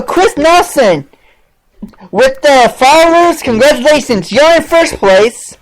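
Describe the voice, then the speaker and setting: A woman's voice: high-pitched, rough recording. A woman hosting an online talk show, mocking a rival in sarcastic, exclaiming commentary. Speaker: podcast host. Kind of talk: ranting commentary on a played clip.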